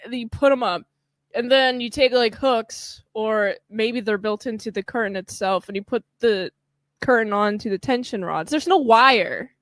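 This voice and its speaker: A woman co-hosting a podcast, chatting casually about a film and acting out the characters' lines in quick voices. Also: fairly high pitch, no room sound. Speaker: podcast co-host. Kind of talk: casual chat recapping a film.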